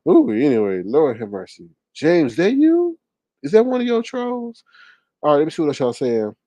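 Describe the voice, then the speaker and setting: A man hosting a casual livestream and reading chat comments, speaking with an animated, gossipy manner full of exclamations. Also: on the high side, moderate pace, dry recording.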